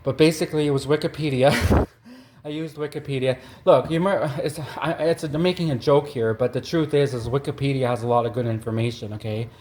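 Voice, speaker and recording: Man from canada, deadpan satirical monologue, rambling, fillers and restarts, mid-pitched voice. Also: a little fast, a little hiss or hum. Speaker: comedian.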